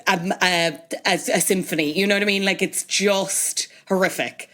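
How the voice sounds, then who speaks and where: A woman's voice: mid-range voice, steady tone, normal speed, a bit bright. A woman hosting a podcast, chatty and opinionated, talking in long run-on sentences. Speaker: podcast host. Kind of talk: casual podcast chat.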